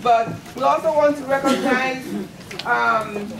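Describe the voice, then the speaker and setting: A woman emceeing an event, speaking formally, thanking organizers with "um" pauses. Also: high voice, a crowd in the background. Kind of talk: thanking organizers and running a raffle. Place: large indoor conference hall. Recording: echoey hall from far off, clear noise.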